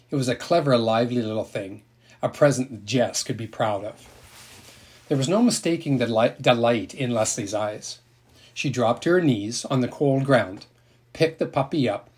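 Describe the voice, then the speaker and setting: Man, audiobook narrator, husky, middle pitch, steady gentle storytelling. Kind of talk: audiobook reading.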